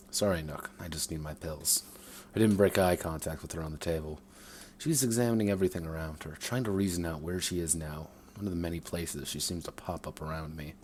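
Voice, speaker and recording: A man's voice: low-pitched, darkish tone, slight background noise. A man reading his own first-person story aloud, sometimes stumbling and rereading phrases.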